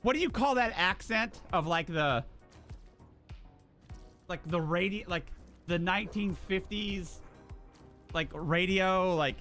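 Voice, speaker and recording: A man's voice: sits high, takes it slowly, long pauses, pushed and bright, soft background music. A young man streaming a game, chatting in a rambling, laid-back way, full of filler words. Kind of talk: casual chat while gaming.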